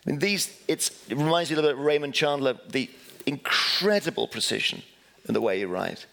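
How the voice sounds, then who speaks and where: A man's voice: mid-range voice, a little fast, creaky, a bit bright. A man interviewing an author, eager and chatty, often restarting his sentences. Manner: enthusiastic, chatty, stumbling restarts. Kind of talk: conversational interview.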